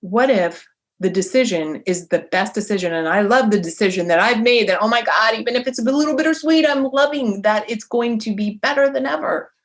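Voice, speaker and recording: Animated woman podcast coach. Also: fairly high pitch, a little fast, few pauses. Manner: animated, emphatic, lively inflection. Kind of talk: solo motivational podcast.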